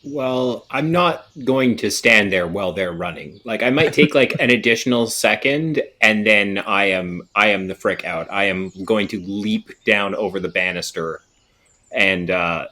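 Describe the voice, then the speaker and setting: Male player, laid-back deadpan delivery, low pitch. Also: measured pace. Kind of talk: tabletop game banter.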